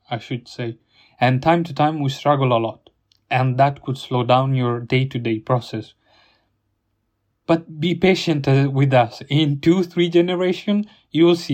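A man's voice: medium pitch, darkish tone. A young man who grew up in Italy, telling a story about his day in an indignant, rambling way with restarts. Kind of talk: storytime monologue.

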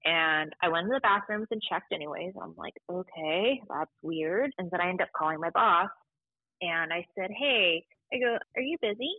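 A woman who works at a library, telling stories casually in an interview, animated and full of quoted voices. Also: on the low side, moderate pace, no room sound, narrow, tinny audio. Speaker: library staff member.

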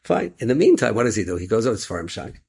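A man telling an inspirational story in animated storytelling, sprinkling Yiddish and Hebrew words. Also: fairly low pitch, very fast, vocal fry, breathy edge.

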